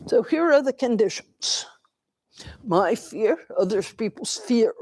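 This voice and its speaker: An older woman giving a dharma talk in a temple, telling a personal story in a slow, reflective way with pauses. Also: a little high, expressive, darkish tone, breathy edge, no room sound. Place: temple hall.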